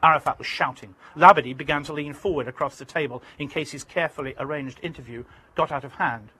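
A man's voice: a little high, fast, bright, forceful tone, slightly rough, rough recording. A man from Britain, an author giving an emphatic, vivid reading from his own memoir.

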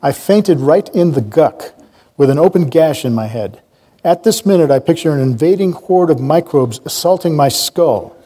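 A chatty, wry young male traveler recounts his mishaps, as a man reading a novel puts him on. The voice sits a little higher than the reader's own, with a mellow, soft tone and a musing manner. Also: animated, moderate pace, husky. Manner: chatty, musing, plain voice with no accent.

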